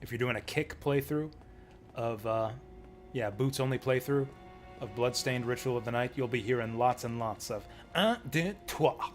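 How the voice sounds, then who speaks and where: A man's voice: mid-range voice, steady tone, normal speed, soft background music. A man streaming a video game, giving casual commentary in a rambling, joking way with frequent chuckles.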